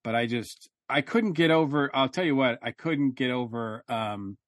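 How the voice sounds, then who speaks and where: A man's voice: mid-range voice, normal speed, dry recording, studio quality. Rambling man in casual review chat. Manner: rambling, many fillers and restarts. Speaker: podcast co-host.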